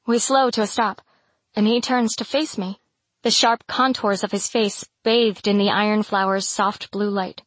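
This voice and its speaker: A woman narrating a first-person romantic fantasy audiobook in an intimate, measured storytelling voice. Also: mid-range voice, steady tone, no room sound.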